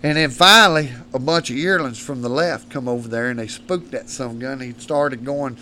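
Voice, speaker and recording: A man's voice: mid-range voice, a little fast, pushed and bright, slight background noise. A man, a guest telling long hunting stories in a rambling, salty, colloquial way. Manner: rambling, profane, colloquial storyteller. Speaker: guest, predator hunter. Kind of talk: casual storytelling chat.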